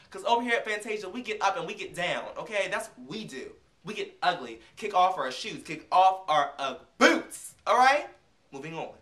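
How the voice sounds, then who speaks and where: A man's voice: on the high side, pushed and bright. A man hosting a vlog, telling a concert story in a sassy, dramatic way with sudden shrieks. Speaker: vlog host reviewing a concert. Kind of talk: casual chat. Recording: voice a bit far from the mic.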